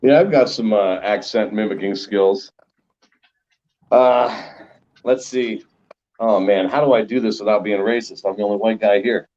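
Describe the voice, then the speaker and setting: A man's voice: fairly low pitch, fairly even intonation, moderate pace, pauses often, a little mellow. Man telling stories, muffled recording. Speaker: comedian guest. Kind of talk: casual comedy chat.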